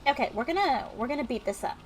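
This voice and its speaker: A woman's voice: high voice, lively intonation, fast, slight background noise. A woman streamer giving casual, rambling gameplay commentary full of fillers. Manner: chatty, rambling, with many fillers.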